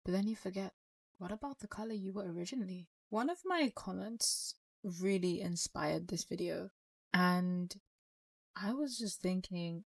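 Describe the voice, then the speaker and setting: Earnest woman with a gravelly voice. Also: on the low side, normal speed, no echo, studio quality, recorded from a distance. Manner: earnest, encouraging. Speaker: channel host. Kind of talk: reflective advice talk.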